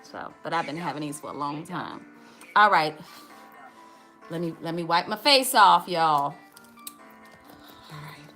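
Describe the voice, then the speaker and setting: A woman's voice: low-pitched, expressive, unhurried, long pauses, pushed and bright, faint music behind. A middle-aged woman hosting a casual live makeup tutorial, chatty, greeting viewers by name and calling out to "y'all". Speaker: makeup livestream host.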